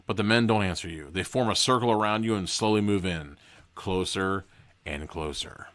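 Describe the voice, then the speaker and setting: A man's voice: deep voice, moderate pace, a bit bright. A man hosting a podcast, casually reading a horror gamebook aloud and breaking off for joking asides. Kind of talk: casual read-aloud with commentary.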